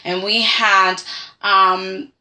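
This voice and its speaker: A woman's voice: medium pitch, little pitch movement, extremely slow, sharp tone. A woman chatting casually in a review video, sassy and emphatic, who often ends her lines with "okay?". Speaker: soap opera reviewer.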